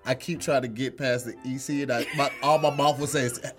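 A man playing a word game with a friend, joking around and sounding out hard words slowly. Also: mid-range voice, steady tone, faint music behind. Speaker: game show contestant and host. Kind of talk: casual banter on a word game.

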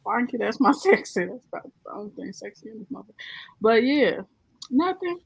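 A woman's voice: a little high, sing-song, brisk, gravelly, breathy edge, no echo, poor audio. A woman co-hosting a casual group podcast, blunt and exasperated, swearing freely. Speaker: podcast co-host.

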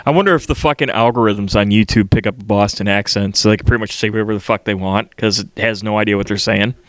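A man's voice: on the low side, steady tone, quick pace, dry recording. A young man co-hosting a podcast, blunt and crude, swearing constantly in casual chat. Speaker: podcast co-host.

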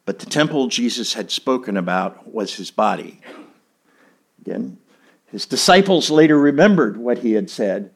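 A man's voice: mid-range voice, animated, normal speed, vocal fry, breathy edge. Folksy middle-aged male preacher. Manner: folksy, conversational, with fillers. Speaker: pastor. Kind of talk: sermon.

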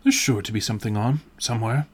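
A man reading the part of a languid, witty aristocratic gentleman in an audiobook, in a dreamy, drawling, ironic way. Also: on the low side, fast, husky.

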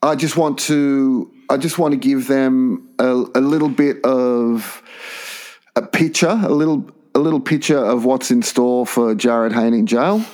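A man co-hosts a casual podcast, spinning crude stories in an animated way and laughing often. His voice is mid-range and unhurried.

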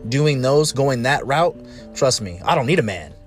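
A man's voice: mid-range voice, normal speed, soft background music. Man talking about relationships. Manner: animated storytelling, mimicking others. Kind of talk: casual relationship monologue.

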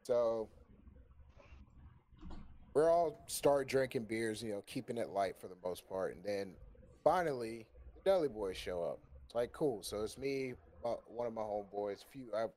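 A man with a fairly low voice, talking at a normal pace, recounts a lengthy story to his stream's chat. His delivery is animated and foul-mouthed, punctuated by frequent laughs.

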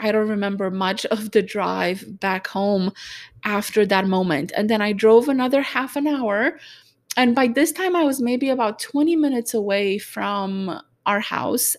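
A woman telling a personal story in a halting, reflective way, with many fillers and a gently emotional, earnest tone. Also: medium pitch.

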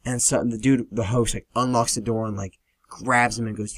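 A man's voice: mid-range voice, steady tone, moderate pace, fairly bright tone, no room sound. A young man hosting a podcast, telling rambling, profane stories in a laid-back solo chat. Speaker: podcast host. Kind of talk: casual solo storytelling.

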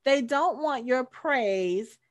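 A woman's voice: high-pitched, expressive, slow. A woman co-hosting a casual podcast, chatting about a film and acting out quotes from its characters. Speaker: podcast co-host. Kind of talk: casual movie discussion.

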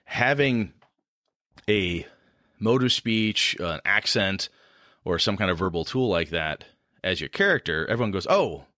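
A man's voice: deep voice, expressive, measured pace, pauses often, sharp tone, no echo, clean studio sound. A man with a Midwestern American accent hosting a casual podcast chat about running tabletop games, rambling with restarts. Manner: rambling, restarts, frequent laughs. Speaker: podcast host and game master.

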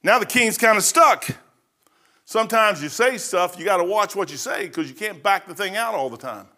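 A man preaching a folksy, storytelling sermon as pastor, dropping to a hush and rising to shouts. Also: high-pitched, lively intonation, normal speed. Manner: says "man" often.

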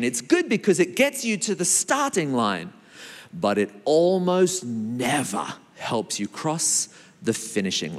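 Lively guy preaching a sermon, kinda high voice, big echo like a church hall. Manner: lively, animated preaching with big pitch swings. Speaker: pastor. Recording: long hall reverb.

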